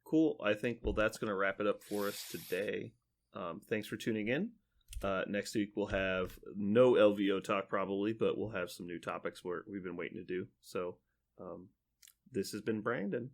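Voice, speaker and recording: A man's voice: fairly low pitch, normal speed, vocal fry. A man hosting a podcast, chatting casually and trailing off at the end of his phrases. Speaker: podcast host. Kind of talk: casual chat.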